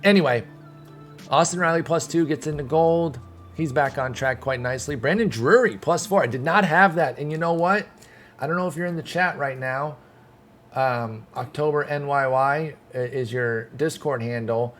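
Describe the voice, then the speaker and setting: A man's voice: on the high side, moderate pace, a bit bright, soft background music. A young man streaming, ranting casually to his chat, heated and rambling with many restarts. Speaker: gaming streamer. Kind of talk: casual commentary to live chat.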